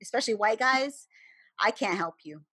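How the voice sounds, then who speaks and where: Woman co-host, casual podcast chat, candid and lively, dry close sound. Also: fairly high pitch, normal speed, breathy edge, no echo. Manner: candid, animated, swears when quoting herself.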